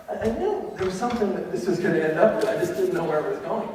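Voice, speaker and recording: A man's voice: high-pitched, fast talker, a little mellow. A man, a university teacher, telling funny stories to an audience in a chatty way, with many fillers and restarts. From United States. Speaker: university teacher giving a talk. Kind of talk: humorous anecdotal storytelling. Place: large lecture hall or auditorium. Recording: echoey hall, distant mic, faint noise.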